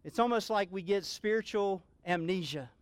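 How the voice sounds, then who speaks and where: A man's voice: high-pitched, normal speed, no echo. A man preaching a sermon, earnest and building to emphatic exclamations. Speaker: pastor.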